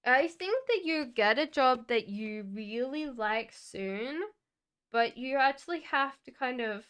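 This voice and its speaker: A woman's voice: fairly high pitch, a bit bright, clear, resonant tone. A woman hosting a live-stream tarot reading, chatting casually and reassuring viewers by name as she answers their questions. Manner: hums while shuffling cards.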